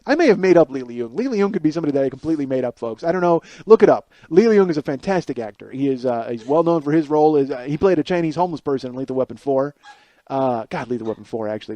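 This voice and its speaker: Fast-talking rambling male podcast host. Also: on the high side, expressive, warm tone, no room sound, faint music behind. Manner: rambling, self-deprecating, full of fillers. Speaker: podcast host and stand-up comedian. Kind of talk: casual solo monologue.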